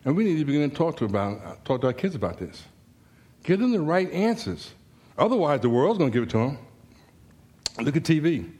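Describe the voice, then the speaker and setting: A man preaching a sermon in a church, telling a story with humor and rising, animated exclamations. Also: on the high side, a little fast, pauses often, breathy edge.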